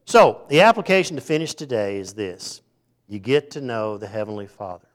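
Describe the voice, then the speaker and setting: A man's voice: lowish voice, very animated, normal speed. A middle-aged man giving an informal faith talk, rambling and folksy, who acts out the people in his stories. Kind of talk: informal sermon with storytelling.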